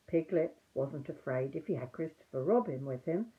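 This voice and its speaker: An older woman reading a children's story aloud as a grandmother, drawing out words expressively. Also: extremely low pitch. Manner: lively, drawn-out expressive reading. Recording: tinny phone-like sound.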